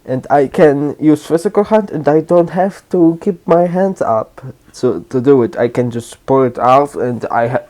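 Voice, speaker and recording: A man telling an improvised fan story aloud in a rambling, halting way, often restarting and correcting himself. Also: fairly high pitch, warm tone.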